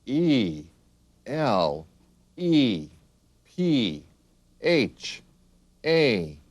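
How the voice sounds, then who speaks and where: A man's voice: mid-range voice, big pitch swings, drawn-out words, no echo. A man narrating a children's learning video, asking friendly questions and spelling each word letter by letter. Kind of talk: scripted narration.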